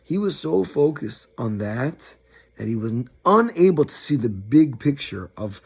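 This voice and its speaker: A man giving a short, upbeat weekly Torah talk, telling the story with lively acted-out quotes. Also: medium pitch, a little slow, vocal fry, breathy edge. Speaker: Torah teacher.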